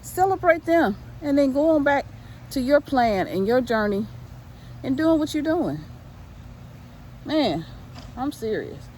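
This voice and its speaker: Out of breath woman vlogging on her phone outside, kinda high voice, preachy pep talk, bit of street noise. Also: big pitch swings, measured pace, pauses often, a little mellow. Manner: encouraging, preachy, repeats phrases. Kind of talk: casual motivational vlog while walking. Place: outdoors on a residential street. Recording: faint street noise outdoors.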